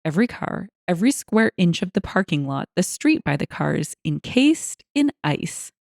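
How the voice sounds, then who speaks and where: A woman reading online stories aloud as scripted narration, expressive and wry, with lively asides. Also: fairly low pitch, normal speed, creaky, no echo, clean studio sound.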